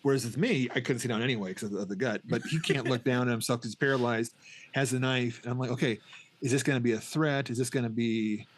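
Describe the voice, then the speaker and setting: On a podcast, a middle-aged co-host races through a film's plot in casual chat, his pitch sitting at an ordinary middle height and his tone steady. He rambles, keeps restarting, and slips into the characters' lines.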